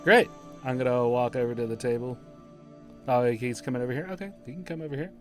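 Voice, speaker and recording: A man's voice: mid-range voice, fairly even intonation, fast talker, faint music behind. A man playing a tabletop game, goofy and laughing often. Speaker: player.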